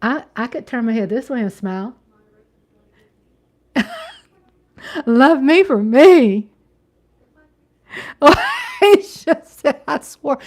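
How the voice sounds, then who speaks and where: A middle-aged woman hosts a relaxed livestream from her home, chatting with viewers and reading their messages out loud. Her voice sits a little high, and she speaks slowly and unhurriedly. She laughs easily and now and then drops into a hushed whisper. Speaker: livestream host. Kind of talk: casual livestream chat with viewers. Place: home, at night.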